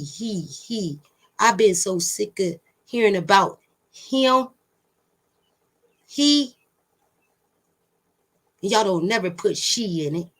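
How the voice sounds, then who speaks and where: A woman delivering a preachy monologue straight to her viewers, blunt and emphatic, swearing, repeating words for stress and taunting them with rhetorical questions. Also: fairly low pitch. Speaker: self-styled teacher addressing viewers. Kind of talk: preachy direct-to-camera monologue.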